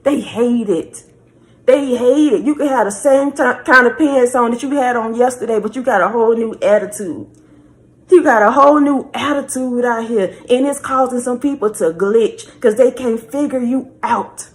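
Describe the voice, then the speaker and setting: A woman's voice: on the high side, moderate pace. A woman giving a spiritual message reading in a repetitive, preachy way, often calling the listener baby. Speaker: spiritual reader.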